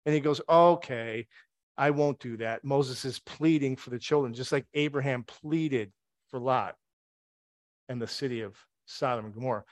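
A man's voice: mid-range voice, fairly even intonation, normal speed, dry recording, clean studio sound. A man preaching a conversational sermon. He retells the story with wry asides and rhetorical questions.

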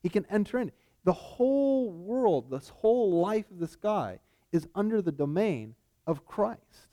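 A man's voice: high-pitched, sing-song, measured pace, warm tone. A man preaching a sermon in a casual, conversational way, often checking in with his listeners. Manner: conversational, frequent "right?" asides.

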